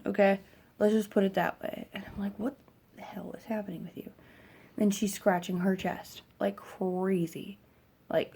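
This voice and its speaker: A woman's voice: mid-range voice, vocal fry, darkish tone. A young woman venting about a hard weekend as a mother, rambling and frustrated, with lots of fillers and a weary, stressed edge. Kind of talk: casual venting vlog.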